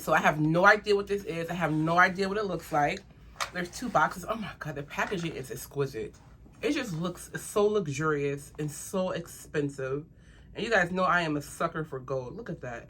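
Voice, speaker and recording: A woman's voice: lowish voice, a little hiss or hum. Gushing woman unboxing jewelry. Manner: gushing, excitable, addresses viewers as "you guys". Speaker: jewelry reviewer vlogger. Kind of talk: casual unboxing review.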